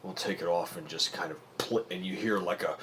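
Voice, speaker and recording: A man playing a tabletop game, describing his character's actions in a playful, animated way. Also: deep voice, a little fast, slight background noise. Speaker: player. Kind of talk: casual tabletop play.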